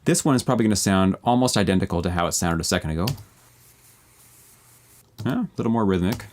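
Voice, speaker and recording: A fast-talking music producer streamer, deep-voiced with a darkish tone, leads a casual live beat-making walkthrough. He thinks aloud while editing tracks, and there's a little hiss or hum in the audio.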